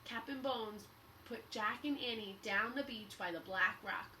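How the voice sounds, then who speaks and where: A woman teacher reading a children's book aloud at story time, expressive and encouraging. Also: fairly high pitch, unhurried, distant mic, slight background noise, poor audio.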